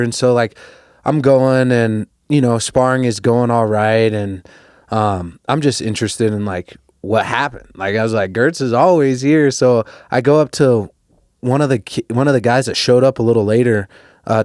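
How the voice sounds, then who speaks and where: A young man from Colorado, a podcast guest telling a story casually, with lots of fillers and restarts, his voice jumping up when he gets excited. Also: on the low side, no room sound, clean studio sound. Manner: rambling, many fillers and restarts, rises sharply when excited.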